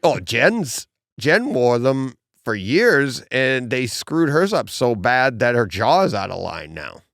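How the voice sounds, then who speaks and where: A man co-hosting a casual podcast chat in a comic book store, an animated storyteller who laughs at his own jokes. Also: mid-range voice, takes it slowly, vocal fry, dry recording, clean studio sound. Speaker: podcast co-host.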